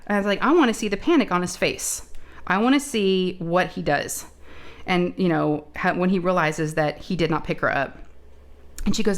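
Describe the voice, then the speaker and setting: A woman with a slightly low voice chats casually to her viewers, retelling a family story. She talks in a loose, animated way, full of fillers and side remarks, like a crafting host catching up with her audience. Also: moderate pace. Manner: chatty, animated retelling with many asides and fillers.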